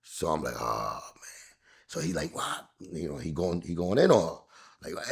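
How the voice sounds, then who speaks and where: Husky New man telling a story. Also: wildly swooping pitch, unhurried. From New York. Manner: acts out quoted voices, jumping high and loud. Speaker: interview guest. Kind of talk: animated storytelling.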